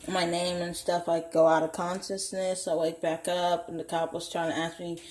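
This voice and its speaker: A woman's voice: lowish voice, level tone, moderate pace, a little mellow, slight background noise. Blunt young woman telling a story. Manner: blunt and profane, acting out quoted voices. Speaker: vlogger. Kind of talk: candid personal storytelling. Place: home, indoors. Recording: echoey room.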